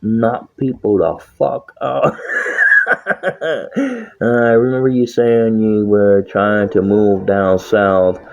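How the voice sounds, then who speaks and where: A man's voice: lowish voice, flat delivery, slow, vocal fry, a little mellow. A man talking casually about his life, blunt and full of swearing, often laughing. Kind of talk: casual profane monologue. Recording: dull lo-fi sound.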